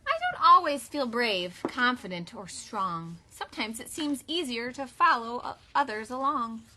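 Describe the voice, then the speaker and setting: A woman's voice: a little high, lively intonation, moderate pace, sharp tone, a little hiss or hum. A young woman who is both mother and teacher, singing songs and reading a picture book aloud to young children in an upbeat, sing-song way. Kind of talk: kids' song and read-aloud lesson.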